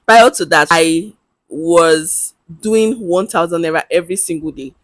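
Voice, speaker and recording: A woman's voice: on the low side, a little slow, dry recording. A young woman with a Nigerian English accent, talking candidly to camera in a casual vlog, chatty and laughing easily. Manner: chatty and candid, with bursts of laughter and local slang. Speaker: vlogger.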